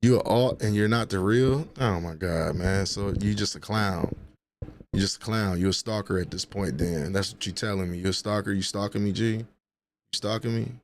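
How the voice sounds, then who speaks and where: Trash-talking man with a low voice. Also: moderate pace. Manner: trash-talking, laughing, profane banter. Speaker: livestream host. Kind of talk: casual livestream chat.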